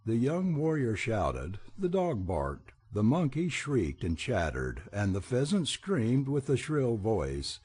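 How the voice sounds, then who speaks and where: A man reading a children's storybook aloud in an expressive, animated narration. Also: medium pitch, takes it slowly, few pauses, slightly rough. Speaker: audiobook reader.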